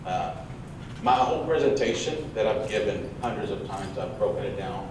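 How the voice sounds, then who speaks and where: A lively American man of Mexican parentage gives a motivational school talk on bullying prevention, speaking at a normal pace in a lowish voice. He tells stories animatedly and acts out his mom before an audience in a large, echoey room. The recording is noisy and picked up from a distance.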